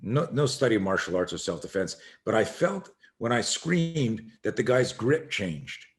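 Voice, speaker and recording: A middle-aged man, a self-defense instructor, telling an animated story as a podcast guest and acting out the voices in it. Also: on the low side, moderate pace.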